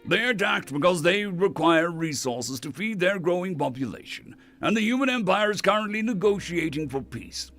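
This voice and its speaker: A man voicing a calm, confident male human ambassador in a storybook reading. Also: high voice, soft background music, pitched above the performer's own voice. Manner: calm, measured.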